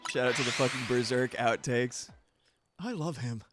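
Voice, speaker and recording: A man's voice: medium pitch, moderate pace, music in the background. A man streaming a video game, chatting casually in a loose, rambling way and swearing freely. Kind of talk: casual chat while gaming.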